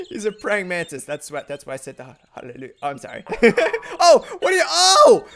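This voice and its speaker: A man's voice: very high-pitched, fast talker, creaky. A young man hosting a let's play, reacting animatedly and goofily, often laughing as he clicks through a game. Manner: animated and goofy, often laughing and doing silly voices for characters. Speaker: gaming video host.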